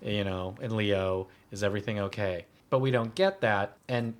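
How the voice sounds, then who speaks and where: Low-voiced man musing casually. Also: moderate pace. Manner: thoughtful, hesitant with fillers. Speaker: podcast co-host. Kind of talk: casual chat.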